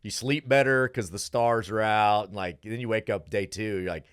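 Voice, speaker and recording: A middle-aged man, a travel show host chatting as a podcast guest, animated, acting out the people he quotes. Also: lowish voice, moderate pace, clear, resonant tone, no echo, studio quality. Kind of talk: casual podcast chat.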